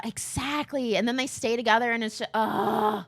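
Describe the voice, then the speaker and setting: A woman's voice: fairly high pitch, moderate pace, gravelly. A woman livestreamer chatting casually to her viewers, telling stories with playful impressions and swearing freely. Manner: animated storytelling with playful impressions. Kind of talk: casual chat to a live stream chat.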